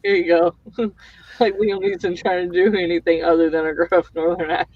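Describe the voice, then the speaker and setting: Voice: mid-range voice, little pitch movement, brisk, no room sound. Agreeable speaker, dull lo-fi audio. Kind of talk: casual chat on a stream.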